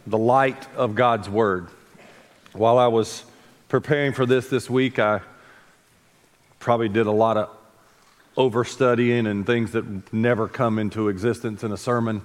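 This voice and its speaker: A male pastor preaches in a church, his steady mid-range voice trailing into a long reverb off the hall walls. He talks in a relaxed, folksy way, drifting into stories and asides. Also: mid-range voice, measured pace, long pauses. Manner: folksy storytelling with asides and self-corrections. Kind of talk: sermon. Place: church sanctuary.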